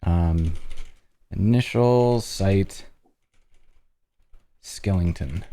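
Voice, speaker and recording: Host, male, deep voice, narrates his coding steps casually, keys clacking behind. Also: dark tone. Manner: talks through each step as he types, halting restarts. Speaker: host live-coding on stream. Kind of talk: casual live-coding chat.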